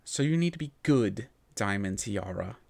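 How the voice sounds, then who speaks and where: A cold, stern pony mother played by a man in a storybook reading. She speaks slowly and quietly, with a menacing edge. The sound is dry, with no room around it. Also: lowish voice, expressive, vocal fry, no echo. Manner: slow, hushed and menacing.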